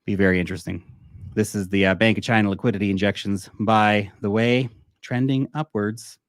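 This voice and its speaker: A man's voice: lowish voice, steady tone, no echo, clean studio sound. A man hosting his own channel, giving casual, off-the-cuff market commentary with blunt opinions and frequent asides. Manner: chatty and off-the-cuff, with asides and quick laughs. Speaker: crypto channel host.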